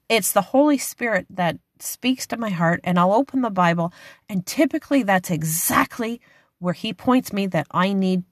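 A woman's voice: lowish voice, no echo, studio quality. A middle-aged woman hosting a devotional podcast, speaking earnestly and emotionally, rising at times to fervent preaching. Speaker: podcast host.

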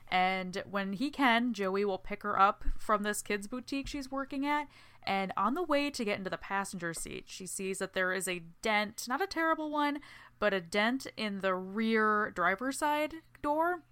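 A woman's voice: medium pitch, animated, normal speed, a bit bright, clear, resonant tone, dry recording. A young woman co-hosting a casual podcast recap, chatty and swearing, acting out the people she quotes. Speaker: podcast co-host.

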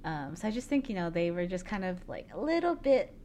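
A woman's voice: fairly low pitch, sing-song, a little fast, dark tone. A young woman co-hosting a podcast, chatting casually and swearing offhandedly. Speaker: podcast co-host. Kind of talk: casual chat.

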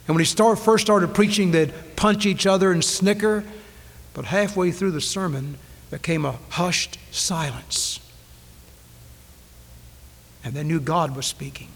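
A male preacher in a church sanctuary, preaching with a fairly high voice and dramatic swings from ringing declarations to near-whispers. He drives his points home by repeating phrases. The 1990s recording carries a long reverb from the hall. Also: unhurried, long pauses. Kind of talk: sermon.

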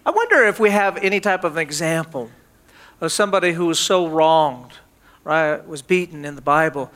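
A male pastor with a high, bright voice delivers a sermon as a playful storyteller, acting out everyday scenes with humor and little voices for the characters. He keeps checking in with the crowd, speaking at a moderate pace with lively intonation.

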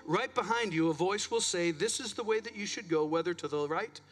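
A man's voice: high-pitched, fairly quick, fairly bright tone, faint music behind. A man pastor preaching a sermon in a church, chatty and self-deprecating, a bit out of breath. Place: church sanctuary.

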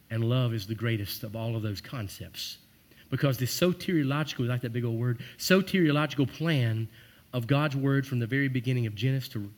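Earnest preaching man, emphatic then hushed. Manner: earnest, emphatic, drops soft and low for heartfelt quoted words. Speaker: pastor. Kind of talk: sermon.

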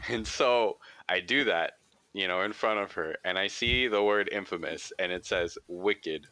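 A man's voice: sits low, unhurried, pushed and bright. A young man hosting a podcast, telling a childhood story in a rambling, profane way full of "like" fillers. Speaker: podcast host. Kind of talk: casual storytelling chat.

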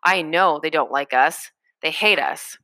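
A woman reading the part of a sad, quiet young boy who speaks in a subdued way. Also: sits low, measured pace, no echo. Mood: bitter.

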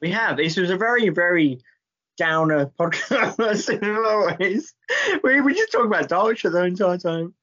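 A man's voice: sits high, lively intonation, normal speed, a bit bright, dull audio. A man co-hosting a podcast in casual chat, laughing often and self-deprecating. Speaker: podcast co-host.

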